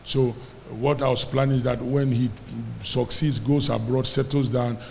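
A Nigerian pastor preaching, acting out the people in his story and having the congregation repeat lines back to him. His voice sits at a middle pitch and carries a long reverb from a large hall, with faint room noise behind it. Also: normal speed, gravelly. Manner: animated storyteller, quoting characters, calling on the congregation to repeat. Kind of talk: sermon storytelling.

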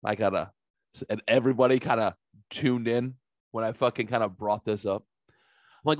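A low-voiced man hosts a casual podcast, and he tells stories with plenty of swearing. He acts out what everyone said. The sound is close and dry, with no room around it. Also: moderate pace, long pauses, dry recording. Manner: animated, profane, acts out quotes. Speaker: podcast host. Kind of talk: casual storytelling chat.

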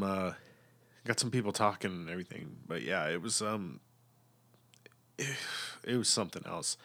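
A man's voice: low voice, pushed and bright. A man chatting casually and at length, blunt and opinionated, swearing freely and rambling with lots of fillers and restarts.

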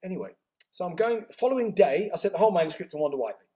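Animated man telling a story. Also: sits high. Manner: animated, acts out dialogue with quick reported speech. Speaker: interview guest. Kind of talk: storytelling in conversation.

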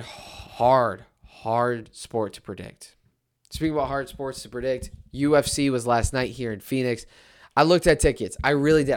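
A man in his twenties giving a casual sports rant, animated and exasperated, with frequent restarts. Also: medium pitch. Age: 20s. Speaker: sports commentator.

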